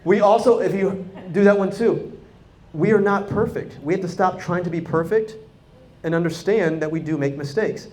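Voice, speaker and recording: A man giving a live, energetic talk to a conference audience, acting out quoted dialogue and speaking straight to the crowd. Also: high voice, normal speed. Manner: energetic, animated, acts out quoted dialogue, talks directly to the crowd. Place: conference hall.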